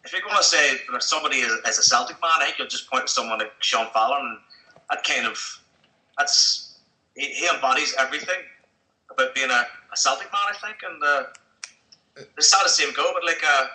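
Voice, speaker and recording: A man's voice: mid-range voice, brisk, sharp tone. A man in a casual podcast chat, talking hesitantly with many fillers. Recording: roomy echo.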